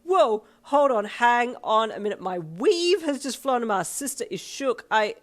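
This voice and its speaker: A woman voicing a brash, flippant delinquent teenage schoolgirl who often shouts. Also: mid-range voice, fairly quick, lightly acted.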